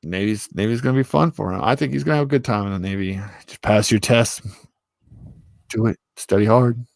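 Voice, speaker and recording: A man's voice: on the low side, fairly quick, vocal fry, no echo. A man hosting a casual chat with friends, crude and teasing, who laughs a lot and acts out mocking voices. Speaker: streamer host.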